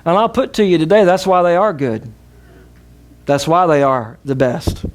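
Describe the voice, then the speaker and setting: Southern US pastor, middle-aged man, slightly high voice, emphatic preaching with call-and-response. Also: expressive, normal speed. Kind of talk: sermon.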